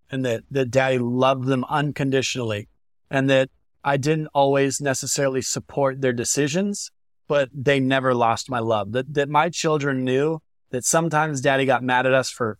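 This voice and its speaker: A man's voice: medium pitch, no room sound, studio quality. Earnest, reflective male podcast guest. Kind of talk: reflective interview chat.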